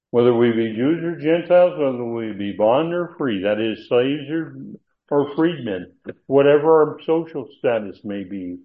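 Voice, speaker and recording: A man teaching an expository sermon on Bible passages, emphatic and stressing key words, with asides and restarts. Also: fairly low pitch. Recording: tinny phone-like sound.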